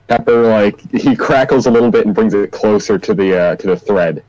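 A man's voice: fairly low pitch, fairly quick, few pauses, darkish tone, dull audio. A man player in a tabletop game over an online call, talking in a casual, rambling way.

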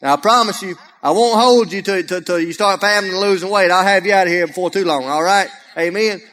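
This Alabama man, speaking with a Southern accent, preaches as a guest in a church sanctuary, his voice echoing with long reverb. He's folksy, funny, and energetic, often getting loud, with a high voice and a fairly quick pace.

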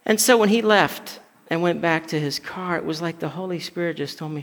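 A man's voice: a little high, a little fast, few pauses, fairly bright tone. A male pastor preaching a conversational sermon, telling stories and often stumbling over and repeating words. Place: church sanctuary. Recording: long hall reverb.

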